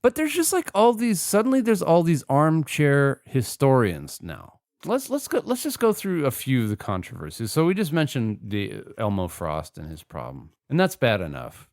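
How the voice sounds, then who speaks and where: A man in casual podcast chat whose pitch swings widely as he riffs with sarcasm. He swears freely and sounds dry and close to the mic. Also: wildly swooping pitch, moderate pace, few pauses, a little mellow, no echo. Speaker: podcast co-host.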